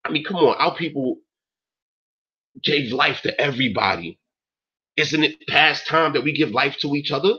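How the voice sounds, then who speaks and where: This host, a man in his forties, rants on his talk stream at a moderate pace, pausing often, his slightly high voice pushed, bright, and husky. He swears emphatically and keeps saying "yo" and "man," over a dull lo-fi recording.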